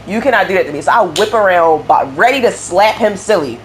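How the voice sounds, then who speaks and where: A woman's voice: mid-range voice, animated, fast talker, a little hiss or hum. A young woman chatting casually while building in a game, telling a rambling story full of fillers and laughs. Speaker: game streamer building a house. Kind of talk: casual chat while playing.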